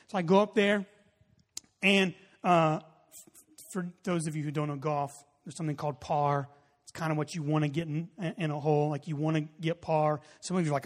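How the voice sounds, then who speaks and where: Animated high-voiced male pastor in a reverberant hall. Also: a little fast. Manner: animated storytelling, acts out his own reactions. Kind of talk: sermon.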